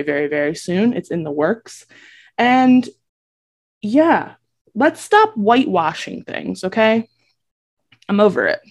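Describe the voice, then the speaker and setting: A young adult woman hosting her own podcast, talking emphatically and bluntly in an impassioned solo monologue, swearing freely. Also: a little high. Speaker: podcast host and reiki practitioner.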